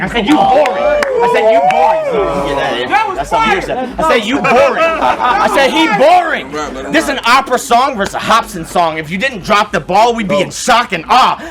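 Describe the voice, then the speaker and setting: A man battle rapping live, taunting his opponent and repeating lines for the crowd. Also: very high voice. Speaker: battle rapper. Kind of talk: live battle rap performance. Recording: live event with loud crowd.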